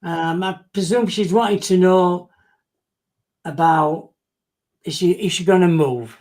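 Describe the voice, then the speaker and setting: A man hosting a radio show, chatting in a relaxed, easygoing way. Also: high-pitched, a little slow. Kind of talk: casual radio chat.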